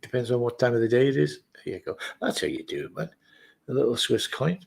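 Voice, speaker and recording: Gravelly man chatting casually. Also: medium pitch, sing-song, fast talker, poor audio. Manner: chatty, jokey, muttering asides. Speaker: vlogger. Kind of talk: casual rambling chat to camera. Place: his office, indoors.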